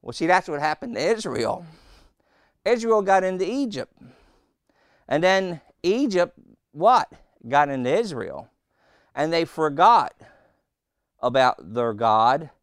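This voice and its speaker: A man's voice: medium pitch, fairly bright tone, clean tone, no room sound, studio quality. A man preaching a sermon, telling anecdotes with rhetorical questions and acted-out quotes.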